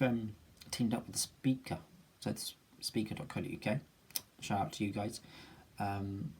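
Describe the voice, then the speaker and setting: A man's voice: lowish voice, gravelly, darkish tone. Man rambling through a noisy video diary. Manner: rambling, many ums and restarts, musing aloud. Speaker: vlogger. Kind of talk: casual personal video diary.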